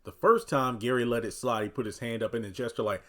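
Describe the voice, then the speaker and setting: Discussing a TV episode casually, this male recap commentator speaks quickly in a mid-range voice, peppering his talk with "you know" and "uh." He brings quoted characters to life with animated voices.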